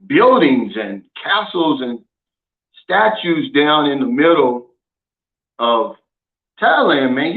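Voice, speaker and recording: A man hosting a casual vlog, talking in a folksy, emphatic way and reading out viewer comments. He is from the United States and often drops "man" into his sentences. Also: on the high side. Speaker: channel host. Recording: narrow phone-like sound.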